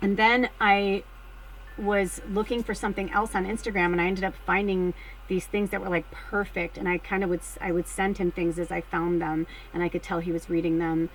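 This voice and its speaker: A woman's voice: on the low side, brisk, a little hiss or hum, poor audio. A middle-aged woman who works as a spiritual medium, telling a personal story to her viewers in a candid, chatty way and swearing freely. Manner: chatty and candid, swears freely, gets excited and shrieks when retelling.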